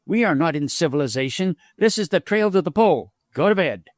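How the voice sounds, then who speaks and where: Man putting on a bold young woman, commanding, teasing, raised pitch, dry close audio. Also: lively intonation, brisk, no room sound, natural voice. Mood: brisk. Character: bold, self-assured young woman on the trail.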